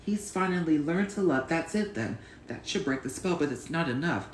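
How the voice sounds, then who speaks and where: A man's voice: fairly high pitch, animated, moderate pace, reverberant, slight background noise. A man reciting memorized film lines and trivia, earnest and proud, at home. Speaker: channel host.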